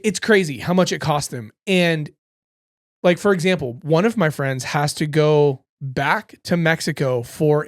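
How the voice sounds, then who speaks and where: A man's voice: on the high side, no echo, clean studio sound. A man co-hosting a podcast in casual chat, insistent and repeating his points. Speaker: podcast co-host.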